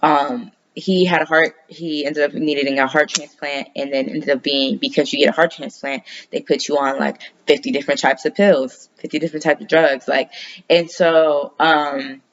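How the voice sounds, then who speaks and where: This woman's low voice shows little pitch movement as she talks at a normal speed, casually and loosely covering her dreams and astrology with plenty of swearing. She is an astrology vlogger, and the recording has its highs cut off.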